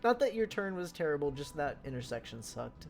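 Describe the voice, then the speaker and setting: Low-voiced woman teasing while she draws. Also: sing-song, fairly quick, creaky. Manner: playful, teasing asides while she works. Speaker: streamer drawing on stream. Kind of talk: casual livestream chat. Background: music.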